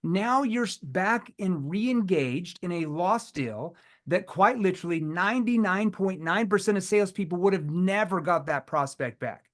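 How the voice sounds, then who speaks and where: A man's voice: high-pitched, animated, moderate pace, hardly any pauses. A man leading a live online sales training, emphatic and firing rhetorical questions at his audience.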